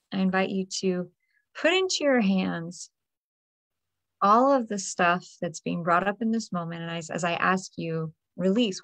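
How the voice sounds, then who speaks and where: Soft-spoken woman guiding an energy release. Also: mid-range voice, vocal fry, no echo. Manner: soft, invoking, repetitive. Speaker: energy healer. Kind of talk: guided energy release meditation.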